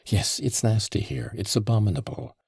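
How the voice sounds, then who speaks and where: A man voicing a gruff, drunk young lover. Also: lowish voice, moderate pace, darkish tone, no room sound, heavily acted. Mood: devoted. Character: drunk, passionate young man, rough and devoted.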